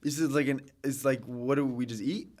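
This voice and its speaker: A man with an American accent, a comedian chatting as a podcast guest in a jokey, animated way. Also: medium pitch, fairly quick. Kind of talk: casual chat.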